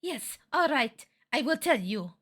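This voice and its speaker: A woman's voice: high-pitched, big pitch swings, unhurried, fairly bright tone, full character voice. A woman voicing a polite, earnest young assistant. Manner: courteous, formal. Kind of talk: reading game dialogue aloud.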